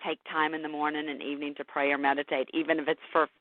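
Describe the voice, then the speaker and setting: A woman's voice: low-pitched, fast talker, no room sound. A middle-aged woman speaking candidly and emotionally in an interview chat. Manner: emotional, candid, animated storytelling with laughs. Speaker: podcast host and caregiver guest. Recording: tinny phone-line audio, dry.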